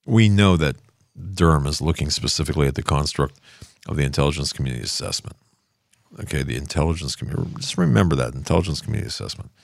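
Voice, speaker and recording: Older man with a deep gravelly voice. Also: expressive, fast talker, no room sound. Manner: rambling, loses his thread and restarts. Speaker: political commentary host. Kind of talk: casual monologue commentary. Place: home office studio.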